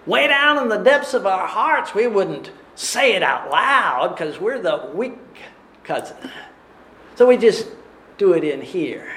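A man preaching a sermon in a measured, deliberate way, often asking rhetorical questions. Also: high-pitched, a bit bright, echoey room, slight background noise.

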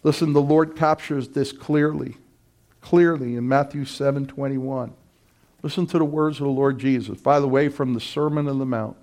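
A man preaching a sermon as pastor, impassioned and emphatic, building to loud repeated cries. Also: medium pitch, steady tone, moderate pace.

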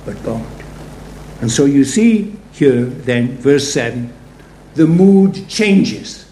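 A man's voice: medium pitch, expressive, takes it slowly, dark tone. A man preaching a sermon in a conversational, storytelling way, full of rhetorical asides. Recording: roomy echo, faint background noise.

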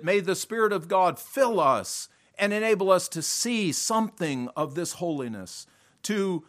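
A man preaching a sermon, slow and emphatic, often repeating words and clearing his throat. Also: sits high, fairly bright tone.

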